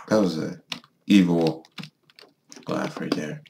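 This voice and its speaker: A man giving casual let's-play commentary on his own game, excitable, swearing and yelling at the creatures on screen. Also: fairly low pitch, creaky, a little hiss or hum. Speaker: gaming video host.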